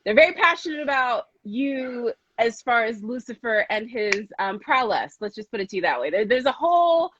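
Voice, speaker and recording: Lively chatty woman interviewer. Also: fairly high pitch, normal speed, few pauses, dull audio. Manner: effusive, chatty, lots of "like". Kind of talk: casual interview chat.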